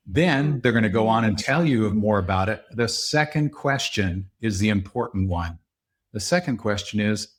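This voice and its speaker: Man explaining leadership in an interview. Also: moderate pace. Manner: explanatory, acts out quoted dialogue with raised pitch. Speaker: podcast guest, leadership consultant. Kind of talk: conversational interview.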